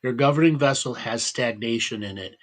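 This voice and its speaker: A man's voice: mid-range voice, a little fast. A man hosting a talk show on a video call, coaching a guest and checking in often. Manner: coaching, checks in with repeated "okay?". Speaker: host and healer. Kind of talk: casual chat.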